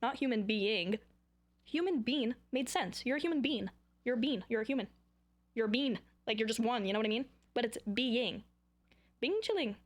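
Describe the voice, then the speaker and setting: A young vlogger with a fairly high voice talks fairly quickly to the camera, rambling in a goofy, self-mocking way about her own habits.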